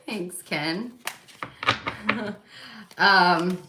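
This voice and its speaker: A woman from New Jersey with a Jersey accent, hosting a casual monologue to her viewers, animated, laughing often and swearing loudly. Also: medium pitch, extremely slow, reverberant, background noise. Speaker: psychic channel host.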